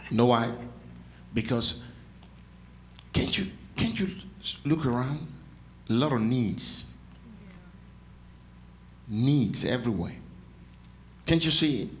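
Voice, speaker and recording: A man's voice: medium pitch, expressive, slow pace, long pauses, slight background noise. A man preaching a sermon in a church, calling out to the congregation and teasing them with playful asides. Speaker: pastor.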